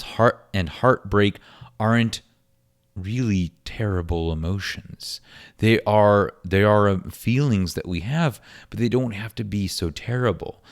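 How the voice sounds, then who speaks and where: A young man hosting a podcast, talking alone in an earnest, philosophical way with frequent restarts. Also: fairly low pitch. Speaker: podcast host. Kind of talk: reflective solo podcast monologue.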